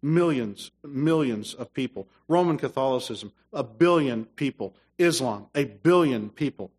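A man preaching a sermon as pastor, dropping to low asides and rising to loud, emphatic passages. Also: animated, a little slow, breathy edge.

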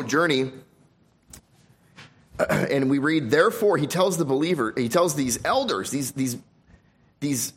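A man preaching a sermon as pastor, reading scripture aloud and swinging between emphatic loud stresses and quiet drops. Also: medium pitch, husky. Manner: reads scripture aloud in King James wording.

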